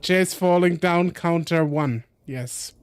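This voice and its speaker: A young man streaming, reading a visual novel aloud with commentary, slowly and often correcting himself. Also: on the high side, clear, resonant tone, no echo. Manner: slow reading with frequent self-corrections.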